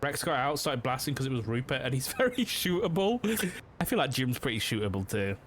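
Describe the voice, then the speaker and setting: A man's voice: mid-range voice, expressive, a little fast, fairly bright tone, slight background noise. A young man streaming a police roleplay game, chatting casually and rambling with lots of fillers. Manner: rambling, filler-heavy, with frequent "like".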